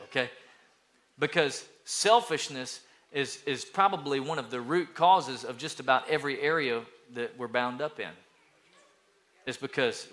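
A middle-aged man from East Tennessee preaching a sermon as pastor, telling family stories and acting out children's lines. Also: on the high side. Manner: storytelling, acts out children's voices, lively.

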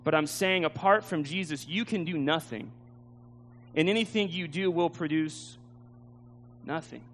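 A man preaches a sermon in a high, light voice. He tells a story with feeling and laughs at himself. A faint hum sits under the recording. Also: measured pace, fairly bright tone. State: tearful at times.

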